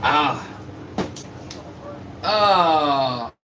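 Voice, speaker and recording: Brash high-voiced man streaming sports talk. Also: lively intonation, drawn-out words. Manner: brash, trash-talking, swearing, playful. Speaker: live stream host reading chat. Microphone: phone. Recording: echoey room with faint hum.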